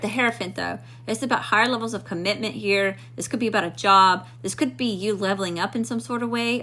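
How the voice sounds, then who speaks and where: On a live stream, a woman reads tarot in a fairly low voice that sounds pushed and bright, with a little hiss or hum in the audio. She talks to spirit while drawing cards, chatting casually and greeting viewers in the chat.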